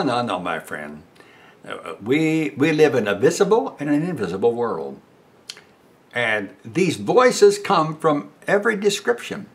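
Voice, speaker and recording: An older man preaching a sermon, emphatic and acting out quoted voices as he talks back to them. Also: medium pitch.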